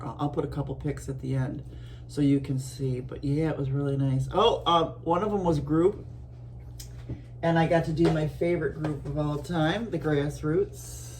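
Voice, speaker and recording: A middle-aged woman from Buffalo, New York, chatting casually to her viewers as an art vlogger, rambling along with soft laughs and restarts. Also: low voice, a little hiss or hum. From Buffalo, New York, USA.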